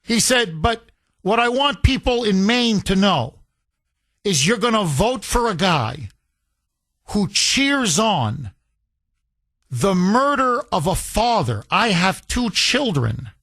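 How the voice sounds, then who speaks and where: Middle-aged male talk radio host, heated and emphatic, bright forceful tone. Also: high voice, sing-song, takes it slowly. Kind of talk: political talk radio monologue.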